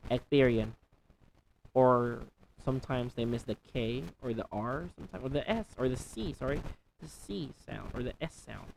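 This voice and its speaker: Low-voiced woman teacher drilling pronunciation. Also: creaky, a little mellow, slight background noise. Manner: drills sounds and words over and over, slow and deliberate; playful, jokey asides. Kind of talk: pronunciation lesson.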